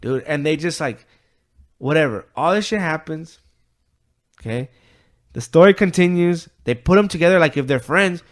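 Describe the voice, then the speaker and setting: A man's voice: fairly high pitch, expressive, normal speed, long pauses. Profane, rambling man retelling a story. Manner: acts out quoted voices. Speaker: podcast co-host. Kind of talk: casual chat, retelling a story.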